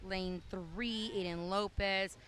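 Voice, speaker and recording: Woman, swim meet announcer, chatty, filler words, mid pitch, noisy pool recording. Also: steady tone, slow, fairly bright tone. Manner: chatty, with fillers and asides to kids. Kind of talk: live meet announcing over a PA.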